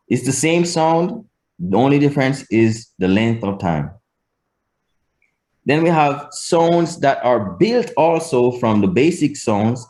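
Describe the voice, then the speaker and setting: A man's voice: medium pitch, animated, unhurried, darkish tone. A man giving a spoken language lesson, explaining pronunciation step by step and modeling each sound aloud. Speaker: language teacher.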